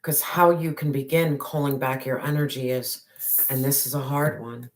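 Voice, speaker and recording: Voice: medium pitch, fairly even intonation, moderate pace. A tarot reader giving a spiritual reading straight to the viewer, emphatic and repetitive, with casual slang and the odd swear.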